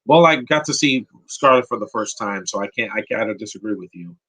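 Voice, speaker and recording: A man from New York runs a live film commentary podcast with a bright, tense voice. He rambles from one opinionated take to the next, often restarts his sentences, and answers chat questions as they come in. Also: lowish voice, lively intonation, a little fast, breathy edge, poor audio. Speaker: podcast host.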